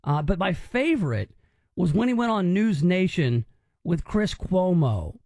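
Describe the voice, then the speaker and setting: A male talk radio host comments on news clips in a mocking, incredulous tone. His voice sits high and leaps around with animated swings in pitch. The sound is dry and close. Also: measured pace, no echo.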